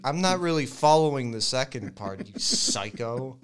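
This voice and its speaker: A man co-hosting a casual podcast chat, teasing and animated, often saying "dude". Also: medium pitch, moderate pace. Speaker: podcast co-host.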